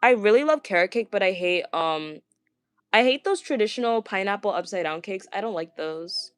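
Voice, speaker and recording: A chatty woman vlogger talks casually to her viewers, stuttering and tripping over words, with lots of ums and restarts. Her voice sits at an ordinary middle pitch, and the sound is dry and close with no room echo. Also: animated, normal speed, smooth. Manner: stumbling, stuttering, many fillers; chatty, gushing. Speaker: vlogger reading viewer comments. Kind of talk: casual livestream chat.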